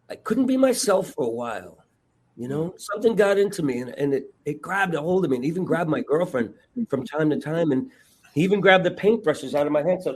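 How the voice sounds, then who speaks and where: A man's voice: a little high, fairly quick, breathy edge. A man who is a guest comedian and impressionist, telling stories animatedly and acting out quotes. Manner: animated storyteller, acts out quotes. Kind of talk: casual podcast chat.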